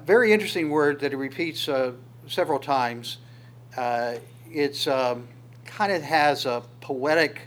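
A man leading an informal Bible study, explaining the text in a halting way, thinking aloud with many pauses. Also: fairly high pitch.

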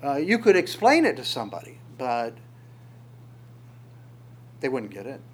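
Guy running a bible study, talks it through slow and halting, faint hum behind. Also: mid-range voice, sing-song. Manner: halting, thinking aloud with many pauses. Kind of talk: informal Bible study teaching.

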